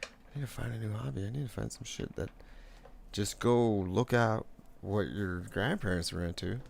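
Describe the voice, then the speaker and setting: Man, young adult, low voice, gravelly, laid-back rambling chat, frequent cursing, painting on a live stream, faint room hum. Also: moderate pace. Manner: laid-back, swears often, laughs a lot, many fillers.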